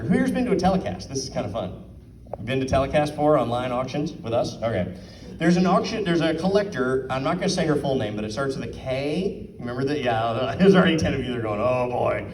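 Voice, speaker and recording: Animated and fast-talking, a man with a medium-pitched, darkish voice gives a casual presentation at an art auction, asking the audience questions and acting out quotes. The recording is roomy and off-mic, with a slight hiss or hum.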